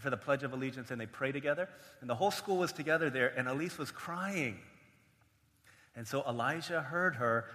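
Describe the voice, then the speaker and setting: Bright-voiced pastor in a reverberant hall. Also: male voice, medium pitch. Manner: storytelling, playful quoted voices. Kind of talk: sermon with personal story.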